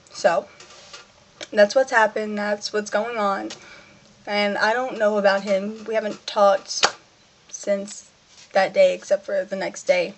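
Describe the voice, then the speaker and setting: A teenage girl talking casually in a personal vlog, rambling and self-mocking, acting out what she and others said. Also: slightly rough. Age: teens. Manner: rambling, self-mocking, acts out her own quotes in a higher voice. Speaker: vlogger.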